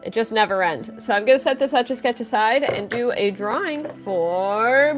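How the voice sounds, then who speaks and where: A woman's voice: fairly high pitch, normal speed, hardly any pauses, music in the background. A woman chatting casually on a livestream, greeting viewers by name while she draws. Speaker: livestreaming artist.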